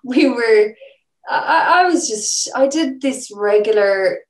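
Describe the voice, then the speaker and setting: A woman's voice: a little high, animated, takes it slowly. Chatty Irish-born woman, echoey room. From Ireland. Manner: chatty, rambling storyteller. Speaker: musician guest. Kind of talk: casual chat.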